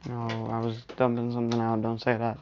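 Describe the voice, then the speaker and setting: Very low-voiced rambling woman storyteller. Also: completely flat delivery, a little fast, a little mellow, muffled recording, a little hiss or hum. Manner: rambling, full of "you know" and "anyway". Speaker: storyteller vlogger. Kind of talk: casual fan-story narration. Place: at home with family around.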